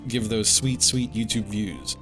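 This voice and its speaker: A man's voice: on the low side, a little slow, music in the background. A man streaming live, chatting casually to his viewers, swearing freely and laughing often.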